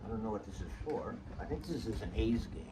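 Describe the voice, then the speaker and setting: Talking fast with lively intonation and a voice on the low side, a show host rambles through casual stories, digressing and joking with his listeners. The monologue is recorded on a distant mic with faint hiss.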